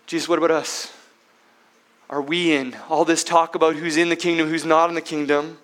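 A man's voice: a little high, level tone, brisk, a bit bright, voice pushed down, lightly acted. A preacher voicing an earnest male disciple. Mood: uncertain. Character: earnest adult male disciple, seeking reassurance.

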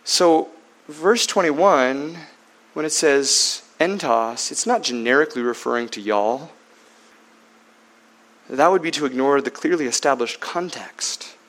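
A man's voice: a little high, fairly bright tone. A man preaching a teaching sermon, often asking his listeners questions and answering them himself. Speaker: Bible teacher.

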